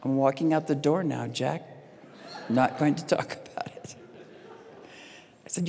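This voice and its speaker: A middle-aged woman speaking to an audience about relationships, a lively storyteller who acts out the lines she quotes. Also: rumbling low, measured pace, long pauses, slight background noise. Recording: long hall reverb.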